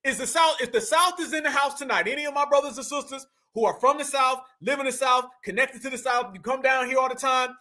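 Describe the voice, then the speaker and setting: A man's voice: extremely high pitch, fast, hardly any pauses, pushed and bright. A man hosting a reaction commentary, slangy and exclaiming, often breaking into laughter. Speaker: commentary host.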